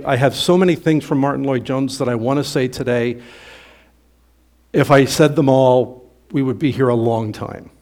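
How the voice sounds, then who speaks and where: A man preaching a sermon, emphatic and swelling loud on key points, then dropping low and quiet at the ends of phrases. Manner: emphatic preaching, rising loud on quoted passages. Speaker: pastor.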